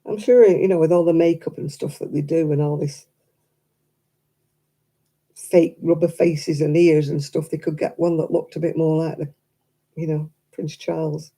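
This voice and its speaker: Gravelly, dark-voiced chatty woman. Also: low-pitched, steady tone, moderate pace, long pauses. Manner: chatty, rambling, self-deprecating. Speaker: crochet live streamer. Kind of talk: casual chat to a live audience.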